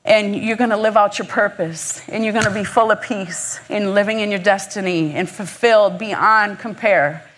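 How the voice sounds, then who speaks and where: A woman's voice: mid-range voice, moderate pace, a bit bright, slight background noise. A woman from Michigan giving a heartfelt, encouraging inspirational faith talk at a conference, speaking conversationally. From Michigan, USA.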